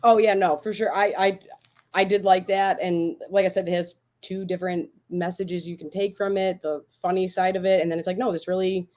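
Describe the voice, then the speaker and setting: A woman's voice: fairly low pitch, brisk. Chatty woman reviewing a film. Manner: animated, acts out quotes, many restarts. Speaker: podcast co-host. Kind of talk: casual chat.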